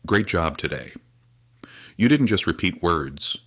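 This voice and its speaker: A man teaching spoken English, leading slow, clear shadowing drills with many repetitions. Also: low-pitched, very animated, fairly bright tone, dry recording, muffled recording. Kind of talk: scripted lesson narration.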